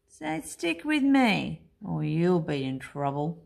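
A woman's voice: sits low, sing-song, slow, vocal fry, a little mellow, voice pushed down, heavily acted. A woman voicing an older male monster sibling who croons and growls to tease his little brother. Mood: teasing.

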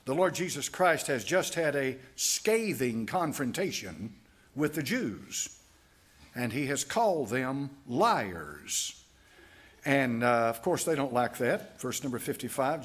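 A man's voice: mid-range voice, big pitch swings, slow, a bit bright, slightly rough. A man preaching a Bible-teaching sermon as a pastor, reading scripture aloud in King James wording with emphatic delivery. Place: church sanctuary, Sunday school class.

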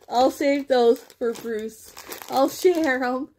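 A woman's voice: sits high, very slow, a little mellow, slight background noise. A Canadian woman chatting casually as she unpacks a gift package, gushing and laughing often. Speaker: vlogger opening a gift package. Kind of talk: casual unboxing chat. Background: crinkling bags and packaging.

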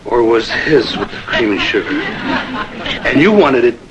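A man's voice: medium pitch, big pitch swings, unhurried, lo-fi sound, heavy background noise. An actor playing a confused, defensive counterman in a 1970s TV sitcom, hesitating over orders. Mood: muddled. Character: muddled touchy middle-aged counterman.

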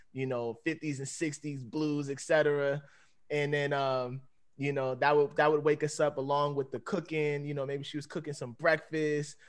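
A relaxed man in his thirties speaks in a voice pitched a little high for a man. His talk rambles loosely, full of fillers, and he laughs easily as he goes. He sounds like he is on a video call. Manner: laid-back, rambling, peppered with "you know what I'm saying"; laughs often while talking. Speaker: dancer on a panel. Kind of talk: casual panel talk.

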